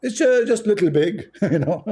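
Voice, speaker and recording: A livestream host talks in a slightly raised voice with a dark, mellow tone. He is sarcastic and repeats himself, tossing in chuckling asides. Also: sits high, expressive, unhurried, slightly rough. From Arab world. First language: Arabic. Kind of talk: mocking livestream commentary.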